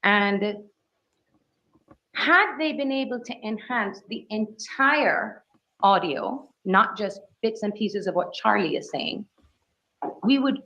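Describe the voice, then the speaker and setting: A woman's voice: mid-range voice, animated, takes it slowly, pauses often, bright, forceful tone. A woman attorney questioning a witness in court with firm, leading questions. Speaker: defense attorney. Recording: dull courtroom audio.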